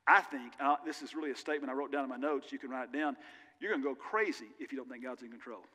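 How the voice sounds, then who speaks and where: A man's voice: medium pitch, quick pace, sharp tone, husky. A male pastor preaching a sermon in an earnest, conversational way with candid personal asides, recorded in a church sanctuary. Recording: long reverb of a large church hall.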